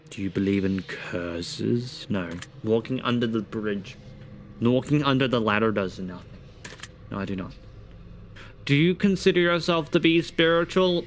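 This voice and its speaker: A man's voice: mid-range voice, slight background noise. A man streaming live, reading quiz questions aloud and answering them in a casual, swearing way.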